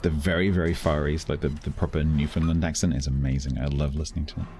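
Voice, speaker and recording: A man with a remarkably deep, low voice talks a newcomer through a game on a live stream. He explains patiently, piling up "like" as he goes, with a faint hiss behind him. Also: flat delivery, fast. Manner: patient, explains step by step with lots of "like". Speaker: streamer teaching a new player. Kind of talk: casual explanatory game coaching.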